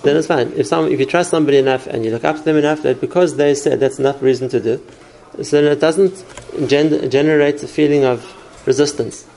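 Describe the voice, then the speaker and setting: Man, teacher, lecture to a class, gravelly, mellow tone, explains with stories. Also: on the high side, fairly even intonation, fairly quick, few pauses, rough recording. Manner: explains through stories and examples, answers questions.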